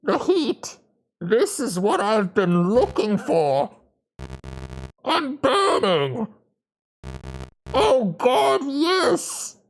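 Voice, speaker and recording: A woman's voice: fairly high pitch, very animated, a little hiss or hum, pitched above the performer's own voice, full character voice, low-quality recording. A woman voicing a fire-obsessed male villain, reading game dialogue aloud in a theatrical, brooding way. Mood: ecstatic. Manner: theatrical, slow and brooding, breaking into ecstatic shrieks. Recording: music playing behind the voice.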